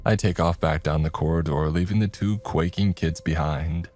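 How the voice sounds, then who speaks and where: A man reading a first-person horror story in a tense, measured way. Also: rumbling low, a little mellow, faint music behind. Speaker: narrator.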